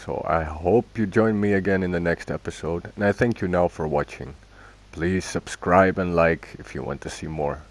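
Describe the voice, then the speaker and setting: A man's voice: sits low, normal speed. A man casually commenting on his own gameplay, thinking aloud as he goes and correcting himself along the way. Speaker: gaming video host.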